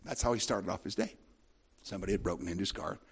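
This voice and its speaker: A man's voice: sits low, fast talker, creaky, husky. A man preaching a sermon, telling a long anecdote in a rambling way with frequent asides to the congregation. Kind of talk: sermon storytelling.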